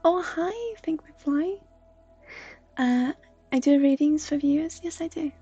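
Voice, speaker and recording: A woman from Sweden, a streamer and intuitive counselor chatting softly with viewers, often slipping into a breathy whisper. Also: high voice, measured pace, highs cut off, soft background music. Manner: soft, often drifting into a breathy whisper, laughs often. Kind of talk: live stream chat with viewers.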